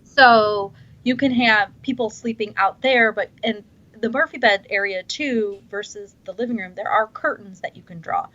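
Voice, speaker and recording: A woman's voice: mid-range voice, fairly bright tone. A woman chatting casually on a podcast, enthusiastic and restarting her sentences often. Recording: dull lo-fi sound.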